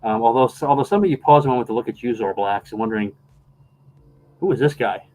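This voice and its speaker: Rambling game master, halting and relaxed. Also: male voice, mid-range voice, rough recording. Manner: rambling, halting with many restarts. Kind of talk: narrating a tabletop game.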